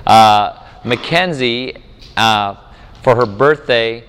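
In a conference hall with long, echoing reverb, a man who is a conference speaker and campus minister preaches a sermon built around storytelling. Speaking slowly at medium pitch, he animatedly acts out his small daughter's voice, and a little hiss or hum is audible.

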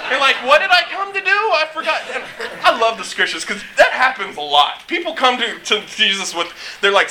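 Male preacher, animated and joking, high and bright. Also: low-quality recording. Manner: animated, joking, acts out quotes. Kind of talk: casual sermon.

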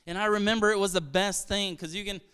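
A man's voice: high-pitched, fairly even intonation, fast talker, bright, forceful tone, clear, resonant tone. A man from Brazil preaching a sermon as a pastor, earnest and conversational, with rhetorical questions and frequent restarts.

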